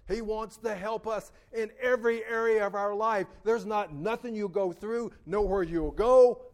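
Male preacher, high voice, sermon on a church mic, call-and-response delivery with sudden loud swells. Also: fairly even intonation, normal speed. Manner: call-and-response, asks the congregation for amens; swings between soft, low asides and loud emphatic peaks. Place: church sanctuary. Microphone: PA microphone.

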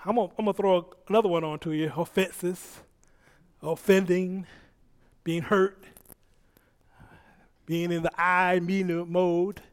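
A man preaching a sermon as pastor, reading scripture aloud and swinging from soft asides to loud bursts. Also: high-pitched, fairly even intonation. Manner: reads scripture aloud with halting restarts and laughs.

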